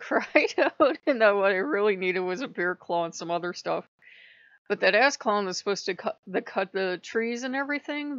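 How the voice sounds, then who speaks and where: A woman's voice: medium pitch, fairly bright tone, no echo, dull audio. A woman hosting her own channel, telling a personal story in a frank, rambling way and swearing often. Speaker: spiritual channel host. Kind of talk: emotional personal vlog.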